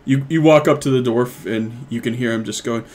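A man narrating as game master in a tabletop game, animated, laughing often between lines. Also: mid-range voice, brisk.

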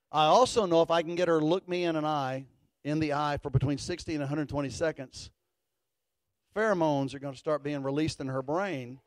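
A man's voice: on the high side, no room sound. Folksy preacher man. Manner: folksy, animated storyteller who builds to fervent declarations. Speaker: pastor. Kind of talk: storytelling sermon.

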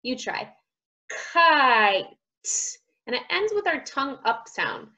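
A young woman, a speech therapist, reading a picture book to children, slowly modeling sounds and praising each try. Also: sits high, huge pitch swings, pushed and bright, muffled recording. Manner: slow, drawn-out modeling of sounds, encouraging praise.

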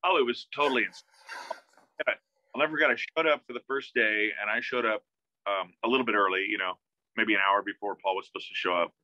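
A man tells a story as a casual interview guest, his tone very bright and forceful. He acts out other people's lines as he goes and often restarts his sentences. The video-call audio is dry and dull. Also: fairly low pitch, a little fast, dry recording. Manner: animated, acts out quoted dialogue, many restarts.

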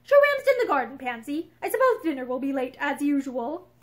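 A woman reading aloud plays a frowning, irritable husband who snaps his words out curtly. The reader keeps her own high, lively voice for him. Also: fairly quick. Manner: curt and impatient.

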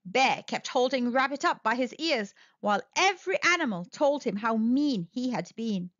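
A woman's voice: a little high, expressive, moderate pace, fairly bright tone, dry recording, dull audio. A woman host reading a children's storybook aloud in a sing-song storytelling manner.

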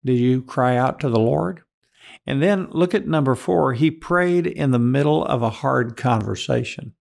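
Male preacher, gravelly tone, earnest, questions the congregation directly. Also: medium pitch, measured pace, darkish tone. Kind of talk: sermon.

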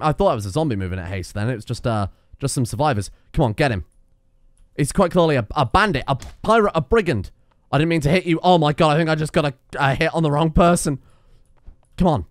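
Man, gaming commentary, lively swooping pitch, dry close sound, faint music behind. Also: fairly quick, no echo. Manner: excitable, swearing, talks to his game characters. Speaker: gaming YouTuber. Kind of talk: let's-play commentary.

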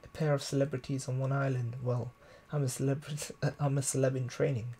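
A man's voice: mid-range voice, little pitch movement, fairly quick, dark tone, breathy edge. A man reading as a peppy rabbit pop star. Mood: perky, boastful. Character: peppy female rabbit islander, self-admiring pop star.

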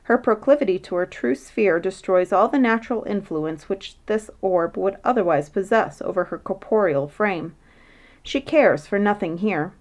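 A woman's voice: mid-range voice, moderate pace, close to an everyday voice. A woman reading as a flighty, insistent old philosopher. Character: quick, flighty, overbearing male philosopher. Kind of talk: storybook reading.

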